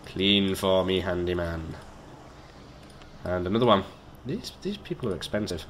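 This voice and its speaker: A man's voice: low voice, animated, measured pace, a bit bright, slight background noise. A man giving let's play commentary, chatty and joking, swearing and talking to himself as he builds. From Britain. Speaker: gamer.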